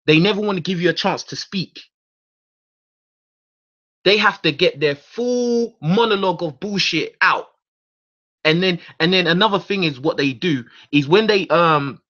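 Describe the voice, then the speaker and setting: A man with a slightly bright voice on the high side hosts his own radio show. He rants in a heated, profane monologue packed with repeated words and restarts, captured on a dull lo-fi recording.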